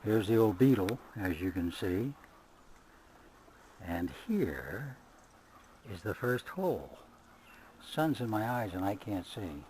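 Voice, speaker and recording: A man's voice: fairly low pitch, lively intonation, slow pace, pauses often, warm tone, a little hiss or hum, poor audio. An older man giving a chatty running commentary outdoors as he works on his car. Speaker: vlogger. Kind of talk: casual do-it-yourself vlog.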